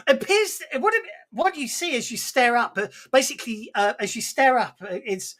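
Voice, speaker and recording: A man's voice: very high voice, big pitch swings, fairly bright tone. A male game master narrates a tabletop session over an online call. He stops and starts, stumbles over his fillers and breaks into laughter often. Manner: halting, full of fillers and restarts, laughs often.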